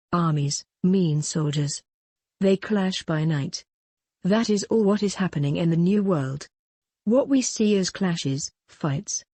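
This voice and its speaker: Low, husky-voiced woman teaching poetry. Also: dark tone, no echo. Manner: slow, deliberate scansion of verse. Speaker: literature teacher. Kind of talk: poetry lesson.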